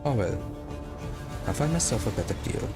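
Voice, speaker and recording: A man voicing a sharp-tongued woman trader who talks sarcastically and scornfully. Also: medium pitch, very animated, moderate pace, voice pushed up, natural voice. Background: game music.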